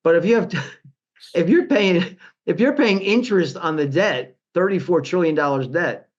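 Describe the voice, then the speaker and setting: A man speaking as a guest in a financial interview, animated and full of restarts, mocking other people in quotes. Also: on the high side, moderate pace, muffled recording. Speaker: guest, portfolio manager.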